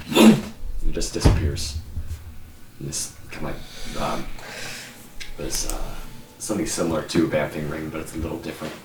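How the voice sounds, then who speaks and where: A man's voice: very deep voice, steady tone, moderate pace, pauses often. A man narrating as game master of a tabletop game in a loose, filler-heavy way, recorded from a distant mic in a roomy space with faint hiss.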